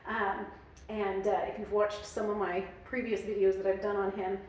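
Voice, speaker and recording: A woman's voice: mid-range voice, flat delivery, moderate pace, darkish tone, recorded from a distance, a little hiss or hum. A woman dog trainer explaining her methods in a casual, chatty way, with many fillers. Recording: very echoey room, off-mic.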